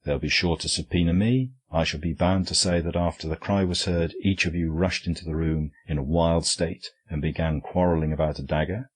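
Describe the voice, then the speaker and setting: A man reading a quiet, grave little priest. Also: deep voice, husky. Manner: quiet, measured, grave warnings. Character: small quiet middle-aged male priest detective. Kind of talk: audiobook character reading.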